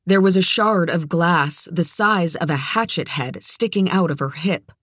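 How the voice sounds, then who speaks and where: An audiobook narrator reading a tense thriller passage in a measured, even storytelling voice. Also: medium pitch, no room sound. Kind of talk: scripted narration.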